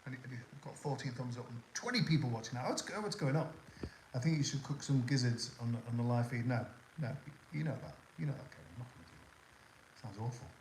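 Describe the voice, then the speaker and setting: A man's voice: mid-range voice, lively intonation, fast, darkish tone, slight background noise. A middle-aged man hosting a casual live stream, rambling chattily and answering viewer comments as he goes. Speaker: livestream host. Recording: roomy echo, faint background ambience.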